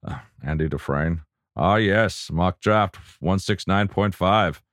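A man's voice: low voice, a bit bright, dry recording, clean studio sound. A man doing a mock solemn film narrator impression. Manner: halting, breaks off laughing. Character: impression of a famous deep-voiced film narrator, mixing in a gruff shouting colonel.

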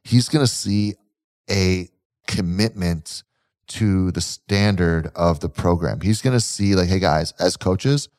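Low-pitched and slow, this man's voice carries energetic storytelling. He's a gym owner and fitness coach co-hosting a casual podcast, dramatizing quotes as he recounts events.

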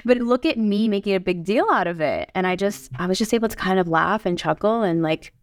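A young woman podcast co-host telling stories in an animated, chatty way with lots of quoted asides. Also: mid-range voice, brisk, no echo. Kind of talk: casual conversation.

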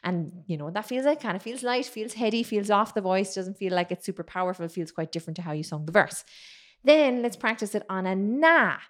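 A woman singing coach who explains vocal technique, then sings vowel drills to demonstrate. She teaches with lively enthusiasm. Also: medium pitch, brisk. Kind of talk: vocal lesson with sung demonstrations.

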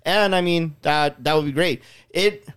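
Smooth-voiced laid-back podcast host. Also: male voice, a little high, a little slow, fairly bright tone. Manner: laid-back, filler-heavy talk. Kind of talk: casual chat.

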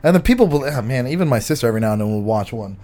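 A man's voice: mid-range voice, expressive, racing, mellow. A man co-hosting a podcast in casual chat, cracking crude jokes, swearing freely and laughing a lot. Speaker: podcast co-host.

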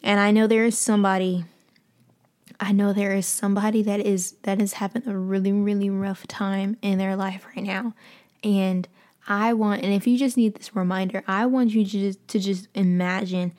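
A woman hosting a faith podcast, giving a heartfelt devotional talk and praying aloud in a soft, fervent voice that sinks to a near-whisper. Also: medium pitch, level tone, normal speed. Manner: fervent, heartfelt, with casual fillers; drops to a hushed near-whisper in prayer.

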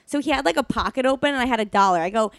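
A woman co-hosting a podcast, telling stories in casual chat, animated and full of "like"s. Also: a little high, rapid-fire, no room sound. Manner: animated, many "like"s, laughing while telling stories. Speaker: podcast co-host.

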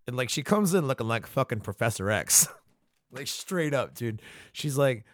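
Podcast host, male, mid-pitch, casual swearing fan recap, dry close sound. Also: lively intonation, a little fast, dry recording. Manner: loose, slangy, profane, retells scenes.

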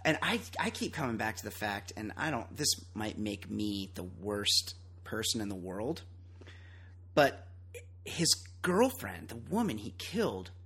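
A man co-hosting a podcast in casual banter, loud, opinionated and profane, often laughing. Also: lowish voice, very animated, measured pace, vocal fry, slightly rough. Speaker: podcast co-host.

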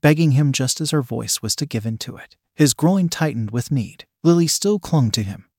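In clean, dry studio sound, a man reads scripted narration of a story. His mid-range voice is steady and even, at a moderate pace.

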